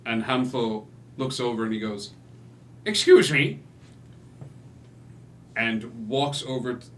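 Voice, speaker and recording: A man's voice: mid-range voice, moderate pace. Man narrating a tabletop game. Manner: loose, filler-heavy narration that builds to loud excitement. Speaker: game master.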